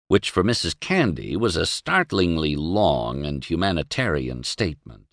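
A man narrating an audiobook with an expressive, measured reading. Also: a bass voice, dry recording, studio quality. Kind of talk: scripted narration.

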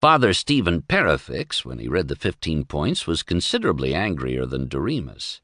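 A man narrating an audiobook with an expressive, measured reading. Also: a bass voice, dry recording, clean studio sound. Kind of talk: scripted narration.

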